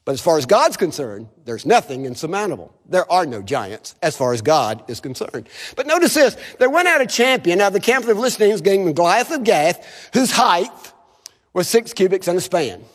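A man preaching at a chapel service as a visiting speaker, animated and calling on the audience to repeat phrases after him. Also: high voice, moderate pace, long reverb tail. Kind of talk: sermon.

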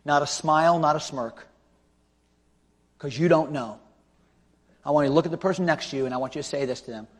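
A male pastor preaching a revival sermon with an altar call, swinging from loud shouting to hushed pleading. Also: fairly high pitch, a little fast, long pauses. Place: large church auditorium. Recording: long hall reverb.

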